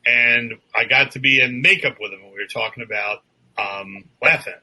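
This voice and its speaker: A man's voice: medium pitch, normal speed, bright, forceful tone, husky, low-quality recording. An older man co-hosting a podcast, chatting casually, telling anecdotes and laughing often. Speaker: podcast co-host. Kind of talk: casual chat.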